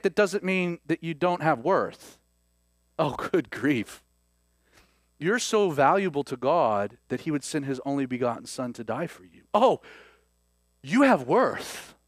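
Guy preaching, high lively voice, drops to soft hushes a lot, dry sound. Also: no room sound. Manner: animated, swings between loud emphasis and soft near-whispers. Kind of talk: sermon.

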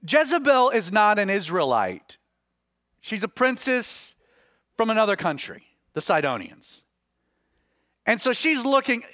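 A high-voiced male pastor preaching with lively swings in pitch, mixing scripture reading with casual asides. The sound is dry and close. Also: measured pace, long pauses, dry recording. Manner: animated, conversational, with asides. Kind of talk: expository sermon.

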